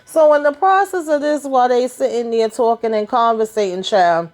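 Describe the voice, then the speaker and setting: A woman's voice: fairly high pitch, normal speed, darkish tone. A woman, casually recapping a TV episode in a sassy, chatty way and acting out the characters' lines. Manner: chatty, sassy, retells scenes in voices. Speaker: TV recap vlogger.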